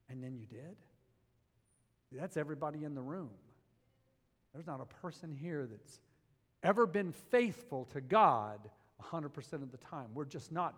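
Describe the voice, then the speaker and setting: A man preaching a sermon, climbing to loud emphatic peaks and dropping to quiet, low passages. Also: lively intonation, moderate pace, long reverb tail. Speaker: pastor.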